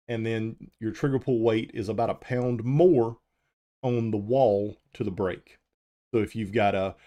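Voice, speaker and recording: Guy hosting a live stream, laid back, lots of uhs, warm mellow voice. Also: fairly low pitch. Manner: relaxed and conversational, with frequent "uh" and "um". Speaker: host of a live firearms show. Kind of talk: casual live-stream talk answering chat.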